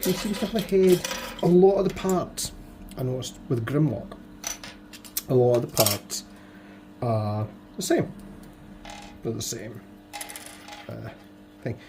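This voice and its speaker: A man with a hoarse, fading voice, muttering to himself and joking at his own expense as he builds toy models. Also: mid-range voice, slow, pauses often, noisy background. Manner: muttering to himself, self-deprecating. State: hoarse, voice going. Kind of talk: casual build commentary.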